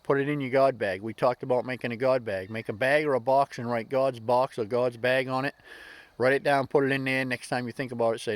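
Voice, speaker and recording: A man's voice: mid-range voice, fairly even intonation, fairly quick, no room sound. Earnest folksy man telling a story. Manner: folksy, earnest, repeats words while thinking. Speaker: host of a daily inspirational video. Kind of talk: casual motivational talk with storytelling.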